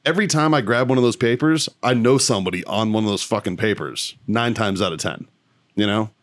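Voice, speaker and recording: A man's voice: on the low side, fairly quick, no echo. A middle-aged man co-hosting a podcast, delivering a blunt, heavily profane rant with strong emphasis. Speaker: podcast co-host.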